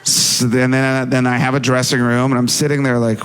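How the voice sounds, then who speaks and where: Guy spinning a wild story in an interview, swears constantly, acts out all the dialogue, mid-pitched. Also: moderate pace, smooth. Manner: animated, profane, acts out quoted dialogue. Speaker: interview guest. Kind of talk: casual storytelling.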